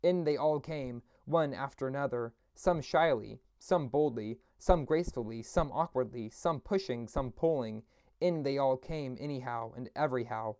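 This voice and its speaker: A man reading a classic novel aloud at a steady pace, with occasional slips and restarts. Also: medium pitch, moderate pace, clear, resonant tone, no room sound. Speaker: audiobook reader.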